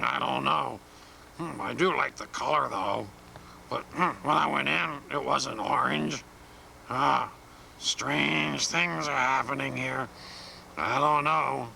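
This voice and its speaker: Heavily acted by a man, a sleepy, confused bear newly woken from hibernation creaks through every slow word. His voice is gravelly but bright and ringing, and he keeps muttering, puzzled about what on earth is happening. A faint hiss lies under it all.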